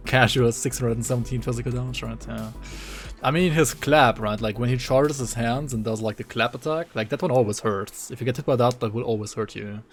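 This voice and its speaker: A man streams a game and chats casually with viewers in a brisk, medium-pitched voice, faint music in the background. His laid-back gameplay commentary is full of filler words and tag questions, with lots of "like" and "right."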